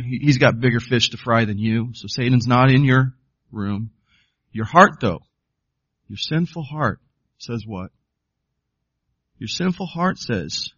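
A man's voice: mid-range voice, a little slow, pauses often, fairly bright tone, no room sound, dull audio. A man preaching a sermon as pastor, emphatic, often putting questions to the congregation.

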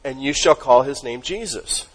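A man preaching a sermon as pastor, emphatic, asking the congregation questions and dropping his voice low on key words. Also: moderate pace, husky, low-quality recording.

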